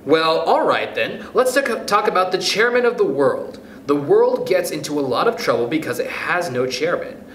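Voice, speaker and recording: A man puts on a tiny mouse teacher, fussy and brisk, bossing the class about in a raised voice that bounces all over. It rings in a roomy space with a faint hiss behind. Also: fairly high pitch, big pitch swings, fairly bright tone, pitched above the performer's own voice. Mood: lively. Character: tiny self-assured mouse playing schoolteacher. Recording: roomy echo, faint noise.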